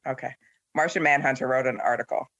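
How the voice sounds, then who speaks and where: Casual: guy hosting a chat w friends, snarky and opinionated, mid pitch, super dry close mic. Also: quick pace, gravelly, no echo, dull audio. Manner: opinionated, sarcastic, animated storytelling. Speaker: podcast host.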